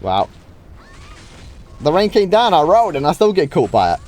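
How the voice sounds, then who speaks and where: A man's voice: a little high, big pitch swings, normal speed, a little mellow. A man casually commenting on his own live game duels, reacting often and restarting sentences. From United Kingdom. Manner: casual, reacting to play, frequent wows and restarts. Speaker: gaming streamer. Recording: faint game music behind.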